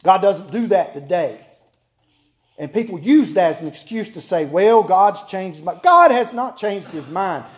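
Male preacher, high voice, homespun humor, hammers key lines by repeating them. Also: very animated, normal speed. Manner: homespun, joking, repeats key phrases for emphasis. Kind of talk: folksy sermon to a congregation.

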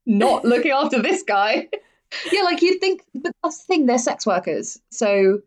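A woman's voice: high-pitched, big pitch swings, a little slow. A woman hosting a podcast, telling true-crime stories in a casual, blunt way and swearing freely. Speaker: podcast host. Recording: dull lo-fi audio.

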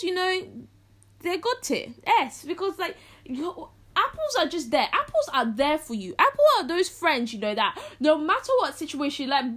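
A woman's voice: sits high, normal speed. A teenage girl from England, hosting a podcast in casual solo chat, joking and acting out quotes. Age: teens. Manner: animated, jokey, acts out quotes. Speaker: podcast host.

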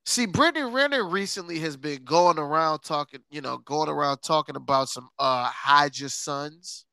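Gravelly, sarcastic man podcasting. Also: a little high, sharp tone, dry recording. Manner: sarcastic, laughs often, drawn-out emphasis. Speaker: podcast host. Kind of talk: casual podcast commentary.

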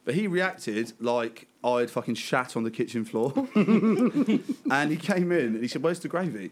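A man's voice: mid-range voice, expressive, a little slow. A man around thirty, telling a laughing, sweary anecdote in casual chat among friends.

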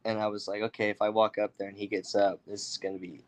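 A young man from the United States telling a story casually, animated, with many fillers and acted-out quotes. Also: on the low side, fast. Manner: animated, acts out others' voices, many fillers. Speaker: guest storyteller.

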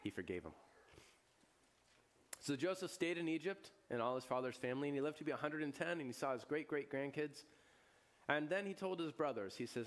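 Man preaching with lively, swinging delivery. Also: brisk, pauses often. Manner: lively storyteller, swings from loud bursts to hushed, solemn lows; chuckles and asides in everyday speech. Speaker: pastor. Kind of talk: sermon retelling a scripture story.

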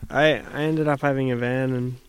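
A man's voice: medium pitch, fairly even intonation, moderate pace, clear, resonant tone. A man in his thirties with an Australian accent, chatting casually in a laid-back way with short replies. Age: 30s. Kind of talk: casual chat.

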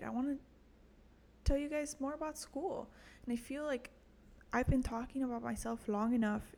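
A young woman with a slightly high, gravelly, warm voice hosts her own podcast. In a relaxed solo monologue she jokes crudely at her own expense, swears often, and laughs at her own jokes.

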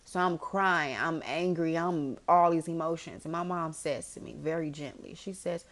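A woman hosting a podcast, telling a story in an animated, emphatic casual monologue, swearing and calling the listener "girl". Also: deep voice, normal speed, hardly any pauses. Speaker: podcast host.

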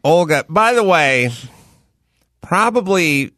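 A middle-aged man hosting a podcast, telling a rambling, deadpan, complaining story in casual chat. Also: sits high, slow pace, dry recording, clean studio sound. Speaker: podcast host.

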